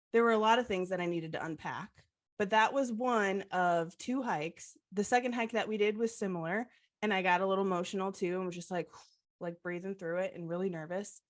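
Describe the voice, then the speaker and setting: A young adult woman co-hosting a podcast, retelling a personal story in a heartfelt way and leaning on the filler "like". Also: mid-range voice. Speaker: podcast co-host.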